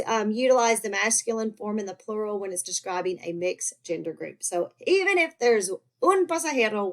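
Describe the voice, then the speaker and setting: A woman teaching a recorded grammar lesson, explaining patiently and checking in often with "okay?" and "right?". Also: mid-range voice. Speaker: Spanish teacher.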